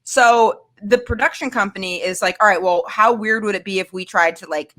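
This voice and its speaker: A woman's voice: medium pitch, a little fast, a bit bright. A woman guest telling a candid, self-mocking dating story in a rambling way, full of filler words. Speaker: guest comedian.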